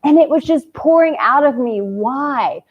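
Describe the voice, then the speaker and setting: A woman's voice: high-pitched, lively intonation, measured pace, highs cut off. A woman who coaches men on dating, giving advice straight to her viewers in a passionate, candid and cheeky way, with the odd casual swear. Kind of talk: direct-to-camera advice vlog.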